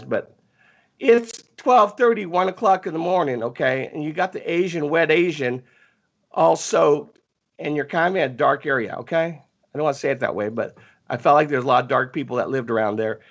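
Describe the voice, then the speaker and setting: A man telling a long story in casual talk, animated and often stammering as he restarts his sentences. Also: on the high side, vocal fry, dull audio.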